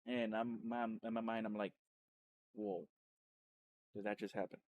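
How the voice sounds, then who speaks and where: A man, a streamer and podcast host, telling his story in a loose, rambling way, full of restarts and self-corrections, and getting animated when he retells exciting moments. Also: fairly low pitch, a little slow. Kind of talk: casual personal storytelling.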